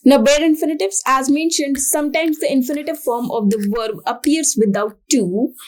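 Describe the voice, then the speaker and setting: A woman's voice: high voice, darkish tone. A woman with an Indian English accent teaching a grammar lesson, going step by step through example sentences. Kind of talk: grammar lesson for exam prep.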